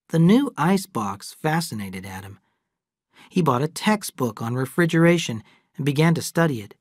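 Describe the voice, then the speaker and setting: A narrator reading a classic novel aloud in slow, clear, evenly paced English for learners. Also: mid-range voice, no room sound, clean studio sound.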